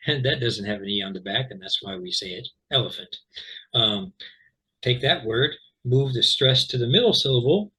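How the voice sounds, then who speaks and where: A man teaching English pronunciation in a casual, chatty way, repeating example words slowly. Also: medium pitch, pushed and bright, slightly rough, poor audio. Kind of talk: casual explanatory lesson.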